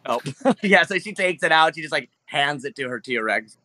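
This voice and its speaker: A man running a tabletop game, describing the scene in a loose, rambling way with plenty of "kind of" and "like". His voice is bright and a little high, recorded close and dry. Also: lively intonation, moderate pace, no echo. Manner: loose, rambling, many fillers, laughs easily. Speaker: game master.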